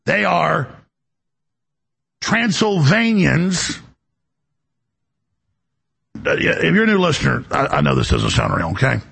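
A man's voice: medium pitch, huge pitch swings, fast talker, gravelly, few pauses, a bit bright, slightly rough. A male talk show host delivering an emphatic, rambling political monologue, often repeating words as he goes.

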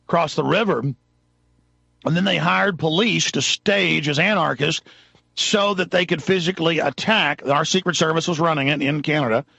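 A man's voice: fairly high pitch, gravelly, sharp tone, slightly rough, no echo. A man hosting a talk radio show, delivering a fiery, ranting monologue straight at his listeners.

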